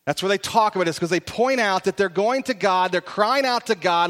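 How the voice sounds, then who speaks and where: Guy preaching, high voice, earnest and wrestling, big echoey church hall. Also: a little fast, few pauses, a bit bright. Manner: earnest, wrestling, rises to emphatic peaks. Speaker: pastor. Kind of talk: sermon. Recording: long reverb of a large hall.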